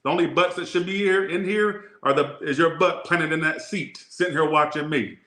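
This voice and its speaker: A man with a Southern US accent and a fairly high, pushed, bright voice gives a casual tarot reading at a moderate pace. He jokes and rambles, drifting into crude asides, in a room with an echo.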